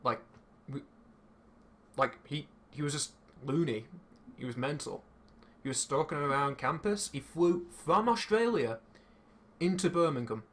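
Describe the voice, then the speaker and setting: A young man telling a story in casual chat while streaming a game, swearing freely and animated. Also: fairly high pitch, unhurried, long pauses.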